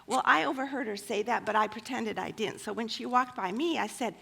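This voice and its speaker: A woman's voice: a little high, brisk, gravelly, fairly bright tone, husky. A woman telling personal stories at a church women's gathering, chatty and full of fillers. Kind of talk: personal storytelling talk.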